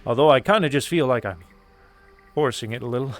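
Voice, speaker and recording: A man's voice: mid-range voice, a little fast, soft background music, natural voice. A man playing a chatty role-play craftsman with a put-on British accent, musing in a meandering, hesitant way full of fillers. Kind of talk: live-streamed role-play.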